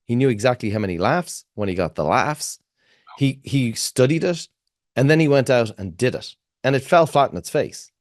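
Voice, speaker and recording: A man's voice: medium pitch, lively intonation, normal speed, no room sound, studio quality. An Irish man hosting an interview, asking long, searching questions full of restarts and fillers. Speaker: podcast host. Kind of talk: interview conversation.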